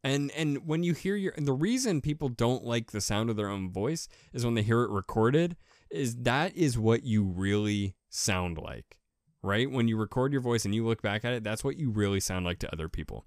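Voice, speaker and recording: A man's voice: mid-range voice, expressive, moderate pace, dry recording, clean studio sound. A man hosting his own podcast in a casual solo monologue, rambling and poking fun at himself, often restarting and repeating words. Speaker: podcast host.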